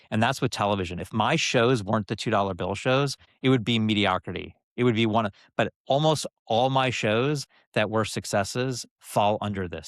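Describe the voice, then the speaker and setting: Low-voiced middle-aged man telling stories. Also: a bit bright, dry recording, clean studio sound. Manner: anecdotal, drives points home by repeating phrases; loose delivery with frequent fillers and restarts. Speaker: interview guest, former TV executive and branding coach. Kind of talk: conversational storytelling.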